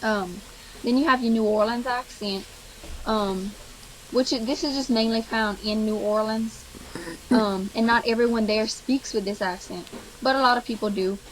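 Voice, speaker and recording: A woman from South Louisiana with a Cajun accent, explaining accents in a relaxed, hesitant way with many ums. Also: fairly high pitch, normal speed, slight background noise, poor audio. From South Louisiana, USA. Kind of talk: casual explanatory monologue. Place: played from another recording.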